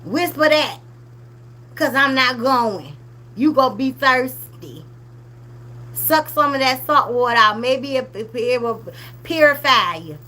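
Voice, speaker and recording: Bright, scolding woman commentator. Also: sits high, slow pace, pauses often. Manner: animated, scolding, drops to a hushed whisper at times. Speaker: commentary channel host. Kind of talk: casual commentary reading viewer comments.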